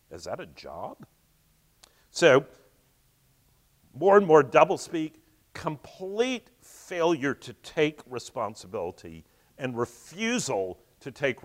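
A man hosting a show, reading a novel aloud and stopping to explain it in his own words. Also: medium pitch. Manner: explanatory, alternates reading with asides. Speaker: host.

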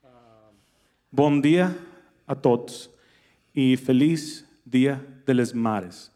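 A man invited onto a church stage, giving calm, brief greetings with hesitant fillers. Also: mid-range voice, slow pace. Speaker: guest on stage.

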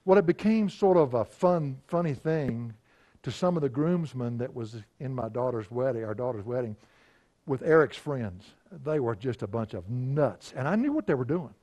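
Folksy middle-aged pastor telling stories. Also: male voice, mid-range voice, animated, normal speed, dark tone. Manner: folksy, conversational, chuckling anecdotes. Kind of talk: storytelling sermon.

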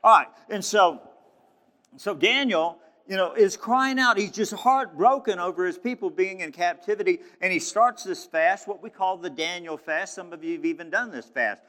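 A man's voice: high-pitched, moderate pace, a bit bright. A man preaching a sermon in a fervent, emphatic way, often restarting his phrases. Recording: long hall reverb.

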